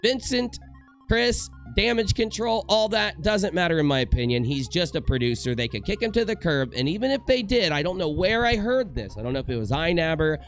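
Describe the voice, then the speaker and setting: A man's voice: high voice, big pitch swings, brisk, faint music behind. A young man giving a casual commentary rant from home in front of a green screen, joking and rambling with self-mocking asides. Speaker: commentary YouTuber.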